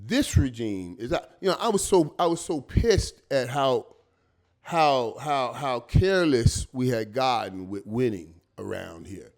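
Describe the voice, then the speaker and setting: A man in his fifties, a guest on an interview show, telling stories in a casual, animated and slangy way, repeating words and acting out what others said. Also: mid-range voice, unhurried. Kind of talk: casual storytelling.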